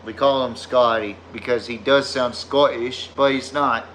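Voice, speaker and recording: A man's voice: mid-range voice, fairly even intonation, measured pace, a bit bright, slight background noise. A man with a Southern US drawl hosting a casual sports podcast, telling rambling, profane stories. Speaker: podcast host.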